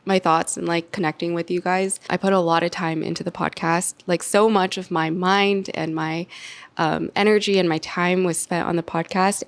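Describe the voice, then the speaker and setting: A woman's voice: on the low side, gravelly, no echo. A young woman in her twenties sharing a personal life update on her vlog, heartfelt and emotional, with many "like"s and "um"s. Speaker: YouTuber and podcaster.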